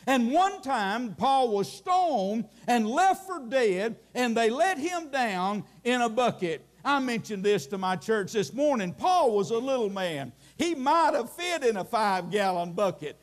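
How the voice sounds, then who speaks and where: High-voiced preacher in his sixties. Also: very animated, a little slow, hardly any pauses. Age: late 60s. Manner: folksy preaching with scripture quotes. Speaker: pastor. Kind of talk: sermon.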